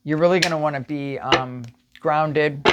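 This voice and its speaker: A woman's voice: low voice, fairly even intonation, a little slow, very noisy. A woman giving a casual spiritual tarot reading straight to viewers, emphatic and repetitive. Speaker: tarot reader.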